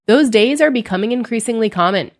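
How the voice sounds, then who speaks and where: A woman reporter delivering a news report in a measured way. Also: on the high side, animated.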